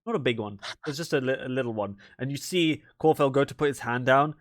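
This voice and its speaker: A man's voice: medium pitch, fast talker. A man narrating a tabletop game as game master, in a casual manner with many fillers.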